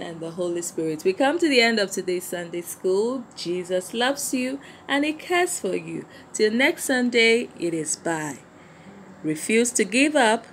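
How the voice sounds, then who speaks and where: A woman's voice: medium pitch, lively intonation, measured pace, slight background noise. Emphatic woman teaching Sunday school. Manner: emphatic, repeats key phrases, quizzes listeners. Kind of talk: Sunday school lesson for children.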